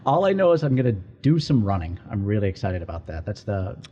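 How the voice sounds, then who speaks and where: A man in his forties with a husky, mellow voice, chatting excitably as a podcast co-host and tripping over his own sentences. The recording sounds a little dull and lo-fi. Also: lowish voice, quick pace. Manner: chatty, excitable, restarts often. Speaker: podcast co-host, entertainment director. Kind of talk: casual chat.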